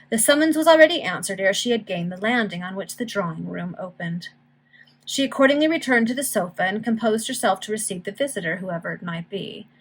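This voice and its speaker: A woman reads a Victorian novel aloud in an unpolished, friendly amateur style, now and then pausing for asides. Her voice has a husky, breathy edge at a middling pitch. She is heard through a video call mic. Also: rough recording. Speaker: reader.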